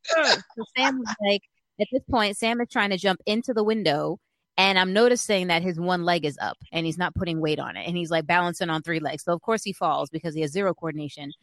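A woman's voice: on the low side, a little fast, no echo. Chatty woman telling a story. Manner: animated, chatty, lots of fillers and acted-out quotes. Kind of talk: casual storytelling.

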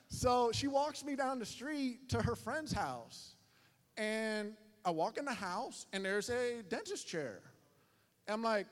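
The same pastor, speaking a little slowly now, keeps up his sermon storytelling in an echoey sanctuary with long reverb. His fairly high voice stays lively as he mocks himself and jumps between one voice and another.

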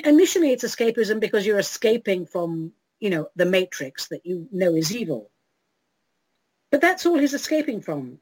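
A woman's voice: medium pitch, a little mellow, breathy edge, no room sound, poor audio. A woman hosting an internet radio talk show, answering listener letters in a theatrical, playful way and calling her listeners darlings.

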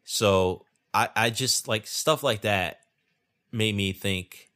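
A man's voice: on the low side, slow pace, pushed and bright, clear, resonant tone. A man hosting his own podcast alone, rambling casually with profanity, restarts and self-deprecating asides. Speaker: podcast host. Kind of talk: casual solo podcast monologue. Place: indoors at home, rainy night.

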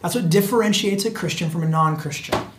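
Preacher at mid pitch, earnest and repetitive, with hushed asides, in a roomy space. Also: brisk, background noise. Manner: earnest, repetitive, often addresses listeners as friends. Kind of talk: sermon. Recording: echoey room.

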